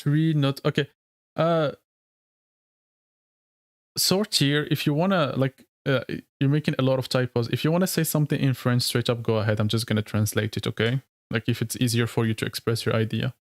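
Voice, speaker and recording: A man's voice: mid-range voice, fairly even intonation, normal speed, no echo, clean studio sound. A man streaming live and chatting casually with viewers, rambling and laughing, with many fillers. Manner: rambling, heavy use of "like", frequent laughs. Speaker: streamer and lore video creator.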